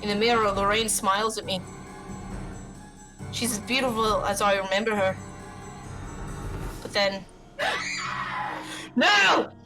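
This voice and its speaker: A woman streamer reading a story game aloud with expressive commentary and swearing. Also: mid-range voice, over music, rough recording. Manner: expressive, swearing, quick reactions.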